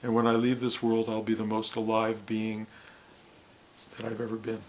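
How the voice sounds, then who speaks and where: A man's voice: fairly low pitch, completely flat delivery, a little hiss or hum, low-quality recording. Earnest man giving a spiritual talk. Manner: earnest and heartfelt, in short halting phrases. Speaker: spiritual teacher. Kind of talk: reflective spiritual talk to a gathering.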